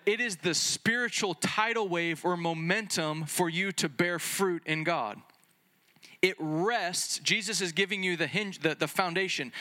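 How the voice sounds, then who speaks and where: Bright-voiced excitable male preacher. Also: high-pitched. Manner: excitable, conversational preaching with many fillers and restarts; acts out little dialogues between Jesus and the Father. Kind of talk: sermon.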